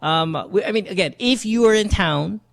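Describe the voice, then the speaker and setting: A man's voice: moderate pace, vocal fry. A man hosting a late-night call-in show, chatting loosely and crudely with plenty of fillers. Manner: loose and crude, many fillers, lively swings in pitch. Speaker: podcast host. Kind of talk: casual radio call-in banter.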